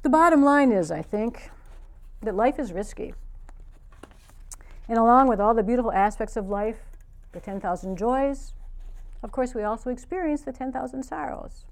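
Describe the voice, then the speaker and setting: A woman's voice: on the high side, expressive, moderate pace, pauses often. A woman, a meditation teacher, giving a spiritual talk built around a personal story, earnest and reflective.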